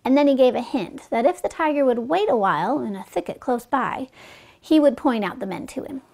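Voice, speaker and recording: A woman reading fables aloud to children as a storyteller, with gentle, chatty asides to her listeners. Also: on the high side, expressive, fairly quick, creaky.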